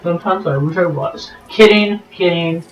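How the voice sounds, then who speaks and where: A man's voice: a little high, normal speed, roomy sound, recorded from a distance, lo-fi sound, soft background music. A man casually commenting on a video game as a let's play host, rambling and joking with goofy asides.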